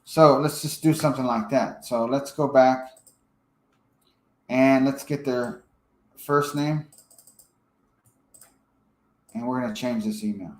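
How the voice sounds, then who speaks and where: A man giving a casual screen-share software tutorial, thinking aloud as he edits and checking in with "okay?". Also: medium pitch, slow pace, long pauses, roomy sound, low-quality recording. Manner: casual, thinks aloud while editing, frequent fillers and "okay?" check-ins. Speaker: software trainer.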